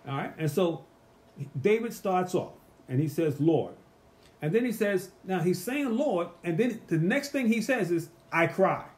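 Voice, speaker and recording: A man teaching a casual Bible study, animated and emphatic, asking the group rhetorical questions. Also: high-pitched, moderate pace.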